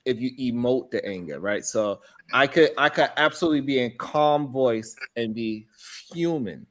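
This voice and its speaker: A man's voice: medium pitch, expressive, normal speed. A man co-hosting a casual live-stream debate, arguing his point and repeating "right" as he cuts in. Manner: argumentative, repeats "right" while cutting in. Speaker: co-host of a live-stream discussion.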